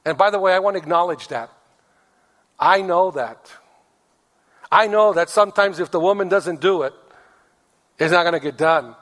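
A man's voice: sits high, normal speed, long pauses, a bit bright, long reverb tail. A man preaching a sermon as pastor, acting out quotes and calling for amens from the congregation. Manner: preaching with acted-out quotes of husbands and wives.

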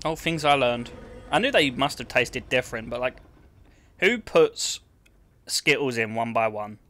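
A man's voice: medium pitch, expressive, a little slow, bright, forceful tone, slight background noise. A man with an Essex accent giving blunt, casual commentary to his chat while he plays. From England. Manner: blunt, swearing banter with chat. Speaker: gaming streamer. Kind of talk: casual live-stream commentary.

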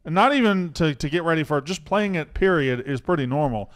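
Southern man, sports pod co-host, animated, higher-pitched, cheeky banter. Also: a little fast. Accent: Southern American. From American South. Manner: teasing, laughs often, crude jokes. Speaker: podcast co-host. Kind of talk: casual chat.

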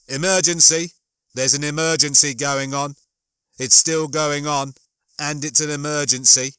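A man voicing a panicky male ship's computer, calling out an emergency loudly and urgently. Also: on the high side, fairly even intonation, a little slow, clean tone, no echo. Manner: loud, urgent announcing.

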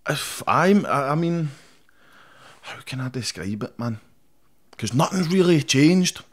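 A young Scottish man, a rapper appearing as a guest in a casual interview, talks bluntly and swears, dropping "mate" into nearly every sentence. His voice is on the high side, animated and a little slow.

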